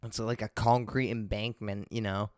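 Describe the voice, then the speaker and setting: A man's voice: fairly low pitch, little pitch movement, moderate pace, a little mellow, no echo. A man hosting a podcast, telling a rambling, profane story in a laid-back way into a close microphone. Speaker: podcast host. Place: at home, smoking while recording. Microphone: close desk microphone.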